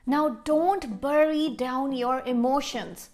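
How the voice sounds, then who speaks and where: Woman life coach, earnest and instructive, slightly high voice, faint music behind. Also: animated, a little slow. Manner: earnest, instructive, direct advice. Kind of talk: motivational coaching talk.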